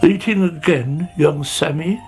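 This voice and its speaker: A man's voice: fairly high pitch, a little slow, a little mellow, soft background music, voice pushed up, natural voice. A man voicing a weary, disapproving old male snail in a storybook, sighing and lecturing.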